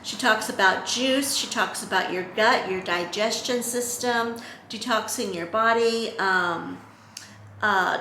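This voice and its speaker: A middle-aged woman talks casually to her camera in a chatty, earnest way, full of ums and little restarts. Her voice is bright and forceful. The room around her is echoey, with faint ambient noise behind. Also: mid-range voice. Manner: chatty, earnest, lots of fillers. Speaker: vlogger.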